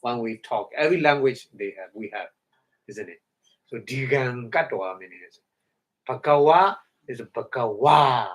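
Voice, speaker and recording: A man giving a Dhamma talk in halting English, breaking Pali words into syllables, often chuckling and asking if listeners follow. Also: mid-range voice, expressive. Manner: halting non-native English, chuckles often, checks understanding. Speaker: meditation teacher.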